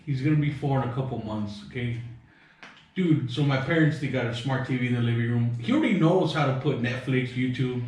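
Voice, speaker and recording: A young man hosts a podcast in loose, profane banter, quick to laugh. His voice sits in a very echoey room and a little away from the mic. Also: medium pitch, darkish tone, far from the mic. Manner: swears a lot, laughs easily, loose banter. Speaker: podcast host. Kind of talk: casual chat.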